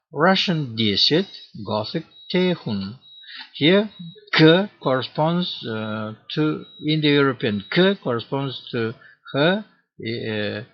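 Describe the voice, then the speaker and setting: Slow, halting male lecturer, lo-fi. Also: medium pitch. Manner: slow and halting, many uh fillers. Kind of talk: academic lecture. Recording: dull lo-fi recording.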